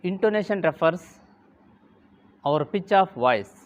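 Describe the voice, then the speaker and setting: A man giving a lesson, speaking deliberately, repeating key terms and saying "okay" often. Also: sits high, lively intonation, lo-fi sound. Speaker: English teacher. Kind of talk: classroom lecture.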